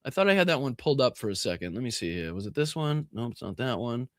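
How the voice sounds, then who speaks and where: A man's voice: medium pitch, sing-song, fast talker, no echo, clean studio sound. A man with a Boston accent hosting a casual live political commentary stream, sarcastic and profane, rambling with restarts.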